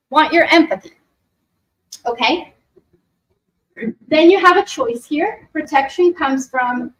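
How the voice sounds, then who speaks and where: A high-pitched woman speaking to a live workshop group. She talks in an animated way, acts out what other people say and keeps asking "right?", then slows into a guided meditation. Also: slight background noise, poor audio. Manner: animated, acts out quoted voices, frequent "right?". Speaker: spiritual workshop presenter. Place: expo workshop room.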